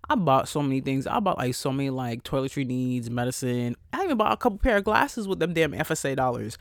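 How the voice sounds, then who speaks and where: A young man hosting a podcast, telling a story in a casual, animated, profane way with sassy quoted asides. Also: a little high, no room sound, clean studio sound. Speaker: podcast host. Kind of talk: casual solo podcast talk.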